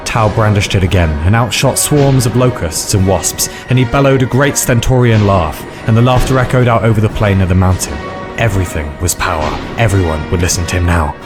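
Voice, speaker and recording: Deep-voiced man narrating a wry story. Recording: faint background music.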